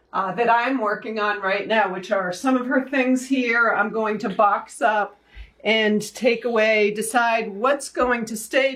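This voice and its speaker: A woman with a Boston accent chatting casually at home in a vlog, thinking aloud while she sorts through a room. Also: on the high side. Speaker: vlogger.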